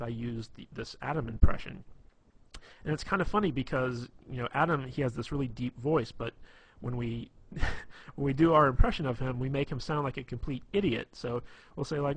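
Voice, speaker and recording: A man giving casual, rambling advice on being funny, full of fillers and restarts. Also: medium pitch. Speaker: dating advice presenter. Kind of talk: casual instructional talk.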